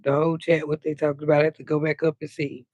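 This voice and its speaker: A woman's voice: low voice, little pitch movement, racing, darkish tone, dry recording, dull audio. A woman hosting a casual late-night livestream, chatting freely and greeting viewers by name, drawing her words out. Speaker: livestream host.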